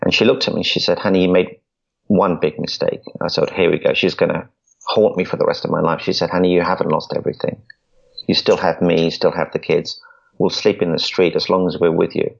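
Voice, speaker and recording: Deep gravelly guy guest, earnest, stumbles into sentences, kinda dull muffled audio. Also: steady tone, brisk. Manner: earnest, repeats words when starting. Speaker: podcast guest. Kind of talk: storytelling interview.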